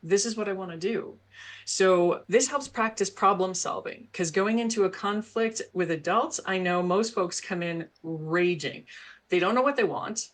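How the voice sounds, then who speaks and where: A woman's voice: mid-range voice, normal speed. A middle-aged woman, a guest with an HR background, explaining parenting ideas earnestly and laughing between points. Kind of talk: explanatory interview talk.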